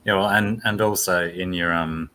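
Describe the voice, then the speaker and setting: A man's voice: deep voice, steady tone, moderate pace, pushed and bright, low-quality recording. A man chiming in casually during a livestream chat. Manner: chatty, chiming in.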